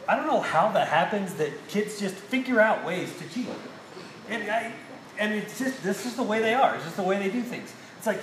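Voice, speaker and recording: A man's voice: high-pitched, expressive, normal speed, slight background noise. A man, a pastor, giving a sermon, telling stories and asking the congregation questions. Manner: storytelling, rhetorical questions to the congregation. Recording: echoey hall with faint ambience.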